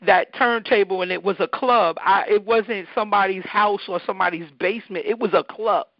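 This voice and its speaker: Woman DJ guest, lively storyteller, lo-fi dry recording. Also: medium pitch, brisk, no echo. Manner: animated, acts out the people she quotes. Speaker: interview guest, DJ. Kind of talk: conversational storytelling.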